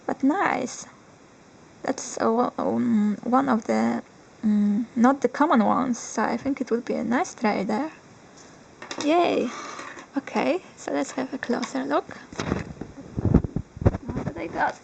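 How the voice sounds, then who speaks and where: A young woman, not a native English speaker, unboxing collectibles on camera, excitable and giggly, squealing with joy now and then. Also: a little high, slow, creaky, pauses often, a little hiss or hum, poor audio. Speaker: vlogger. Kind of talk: unboxing vlog.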